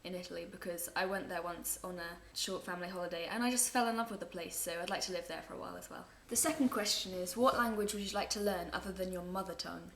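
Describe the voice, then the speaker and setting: Her voice is fairly low, creaky, and fairly bright, with a steady tone, fast delivery, and few pauses. The young Englishwoman is answering viewer questions at home in a rambling, self-amused chat to camera. The room echoes, and faint background noise can be heard.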